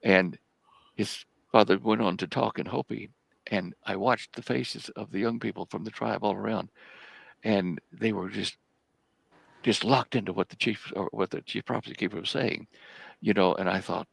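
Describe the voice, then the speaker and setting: An older man telling a story as a talk-show guest, his voice very low and heavily gravelly. He speaks in a halting way and often repeats a word before he moves on. The sound is close and dry. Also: steady tone, dry recording. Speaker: guest researcher.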